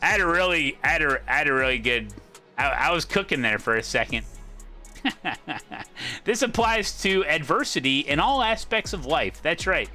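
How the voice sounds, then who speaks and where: A man's voice: fairly high pitch, very animated, normal speed, bright, forceful tone, faint music behind. A man hosting a sim racing livestream, talking casually and rambling, breaking off and circling back to his point. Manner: rambling, self-interrupting, repeats his points. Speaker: sim racing streamer host.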